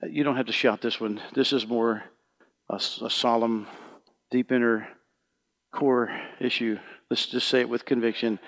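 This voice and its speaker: Male pastor, gravelly, mid-pitched, swings from quiet murmured prayer to loud fervent exhortation. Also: fairly even intonation, normal speed. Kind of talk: sermon with congregational worship.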